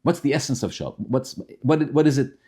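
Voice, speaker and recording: Man, Tanya class teacher, animated, repeats and restarts phrases, lively pitch. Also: fairly quick, husky. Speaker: Torah teacher.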